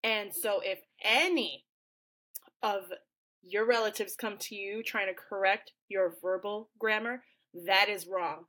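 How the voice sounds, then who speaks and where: A woman's voice: mid-range voice, steady tone, measured pace, bright, forceful tone. A woman co-hosting a casual educational podcast, a former teacher who talks playfully with many fillers and frequent laughs. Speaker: podcast co-host.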